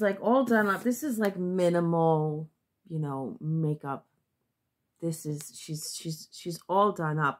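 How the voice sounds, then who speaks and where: A woman giving a casual tarot reading to her viewers, blunt and sometimes profane, thinking aloud and restarting her sentences. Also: mid-range voice. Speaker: tarot reader.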